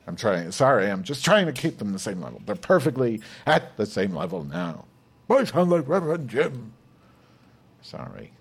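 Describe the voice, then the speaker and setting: Deep-voiced crude rambling man. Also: gravelly, slightly rough. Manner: crude, profane, self-talking. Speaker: show host. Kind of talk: rambling live show chat. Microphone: lavalier and stand mic.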